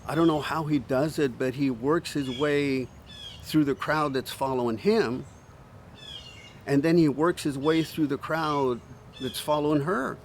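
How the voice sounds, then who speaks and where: A male pastor giving a short sermon in slow, earnest, pausing phrases, easing into a gentle hush at times. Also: a little high, slight background noise.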